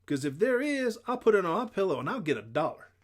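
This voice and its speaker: A man's voice: very animated, fast. A man voicing a hyperactive young schoolboy who stammers and blurts out his words in an audiobook. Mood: eager. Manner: stammering, high-pitched outbursts. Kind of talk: audiobook character voice.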